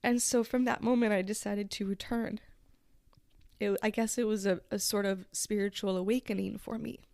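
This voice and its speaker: A woman hosting a podcast, telling a personal story in a slow, reflective and emotional way, at times close to tears. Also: mid-range voice, fairly even intonation, gravelly, a little mellow, no echo. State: tearful. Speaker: podcast host.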